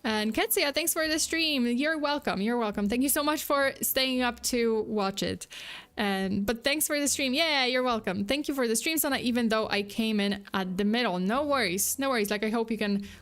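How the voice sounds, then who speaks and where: A woman's voice: fairly high pitch, moderate pace, fairly bright tone. A woman streaming as a VTuber, chatting casually with her viewers in a rambling way with many restarts. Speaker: VTuber true crime streamer. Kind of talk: casual livestream chat.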